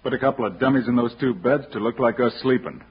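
Cool-headed husky cowboy hero. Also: male voice, medium pitch, fast. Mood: steady. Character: calm, wry young male frontier hero. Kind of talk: 1950s radio drama. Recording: dull lo-fi old radio recording.

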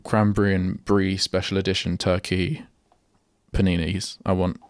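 A man's voice: low-pitched, flat delivery, moderate pace, clear, resonant tone, no room sound. A young man hosting a solo radio show, rambling and chatting casually, often breaking off mid-sentence. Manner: rambling, self-interrupting, chatty. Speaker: radio host. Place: radio studio.

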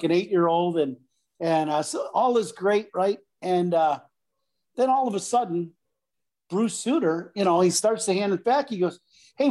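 Middle-aged man telling a baseball story. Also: high-pitched. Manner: animated, acts out voices in anecdotes. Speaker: former pro baseball player, guest. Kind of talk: casual storytelling.

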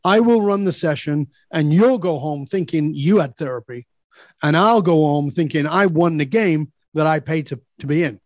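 A man's voice: a little high, normal speed, darkish tone, no room sound, clean studio sound. A man guest in a casual interview, telling blunt stories and acting out dialogue, swearing freely. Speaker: podcast guest, leadership speaker.

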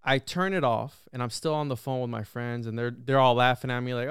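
A young man telling a long story in a casual podcast chat, animated and full of swearing and restarts. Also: medium pitch, clean tone, dry recording, clean studio sound. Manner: animated, heavy swearing, quick repeated restarts. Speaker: podcast guest.

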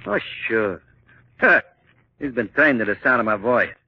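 An actor playing a rough male henchman in a 1940s radio drama, with coarse ungrammatical speech. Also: mid-range voice, lively intonation, unhurried. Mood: gruff. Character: rough male henchman and animal trainer, crude. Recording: dull old radio broadcast with hiss.

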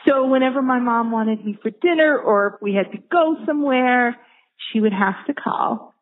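A woman's voice: a little high, moderate pace. A woman in her fifties from Rochester, New York, with a New York accent, telling a self-mocking story in a chatty way. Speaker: listener sharing a story. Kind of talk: recorded personal anecdote. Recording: tinny phone-quality recording.

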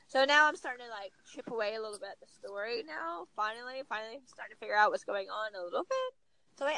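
Chatty animated woman podcast guest. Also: fairly high pitch, fast, no echo, low-quality recording. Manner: animated storyteller, acts out quotes. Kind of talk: casual chat.

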